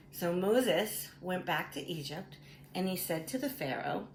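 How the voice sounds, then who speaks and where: A woman preschool teacher telling a story to small children in a playful, animated way. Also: on the low side, normal speed. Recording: roomy echo with faint background noise.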